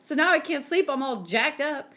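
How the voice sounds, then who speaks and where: A woman in her thirties with a somewhat high voice co-hosts a casual podcast. She tells stories with animated energy and acts out the other people's lines as she goes. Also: normal speed. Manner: animated storyteller who acts out quotes. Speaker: podcast co-host. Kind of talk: casual chat.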